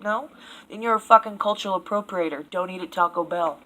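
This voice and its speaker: A woman's voice: fairly low pitch, fairly quick, a bit bright, poor audio. A woman vlogging a casual opinion rant to camera, blunt and profane, laughing at her own jokes. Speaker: video blogger.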